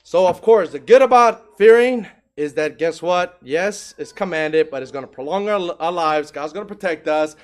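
High-voiced man preaching emphatically. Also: normal speed, hardly any pauses. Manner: emphatic, throws rhetorical questions at the congregation. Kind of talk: sermon.

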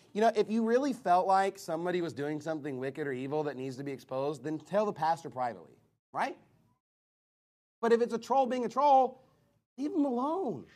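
A man with a fairly high voice delivers a sermon from the pulpit. He is emphatic and blunt, firing off rhetorical questions and answering each with a single punchy word. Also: a little mellow. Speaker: preacher.

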